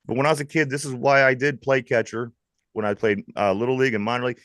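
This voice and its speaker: A man with a Pittsburgh accent hosts a live sports talk show, reading trivia questions to his co-hosts, joking and laughing often in a lively way. His voice is medium-pitched and quick, and the recording is dry.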